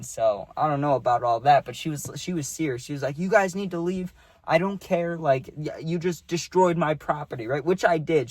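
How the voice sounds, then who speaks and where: A man's voice: mid-range voice, no room sound. A young man telling a rambling storytime, full of fillers like "dude" and "like". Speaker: vlogger. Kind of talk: casual storytime.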